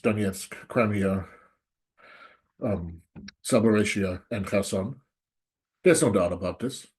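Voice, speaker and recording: A man's voice: medium pitch, a little mellow. A man delivering an angry, emphatic solo commentary, openly sarcastic and hammering his points home. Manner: repeats "there's no doubt" for emphasis. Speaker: political commentator. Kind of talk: solo opinion monologue.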